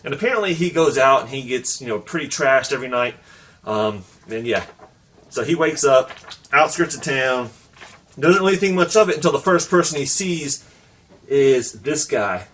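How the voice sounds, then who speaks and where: A man's voice: medium pitch, animated, normal speed, a bit bright, distant mic, slight background noise. Chatty man reviewing comics, heard from the mic. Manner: loose and chatty, many fillers; easygoing, laughs along while retelling. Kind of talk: casual spoken review.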